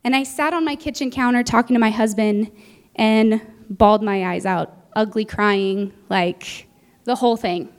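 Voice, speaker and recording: A woman's voice: fairly high pitch, moderate pace, clear, resonant tone. A woman preaching a sermon, telling a personal story in an earnest way and acting out what she said back then. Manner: earnest, storytelling, acts out her own past words.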